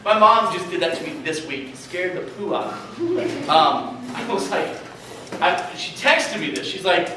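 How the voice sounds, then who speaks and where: A man's voice: high voice, a little slow, pauses often, recorded from a distance, noisy background. Man preaching in an echoey hall. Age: 30s. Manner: storytelling, conversational, animated asides. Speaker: youth speaker. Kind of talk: sermon. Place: large hall at a retreat.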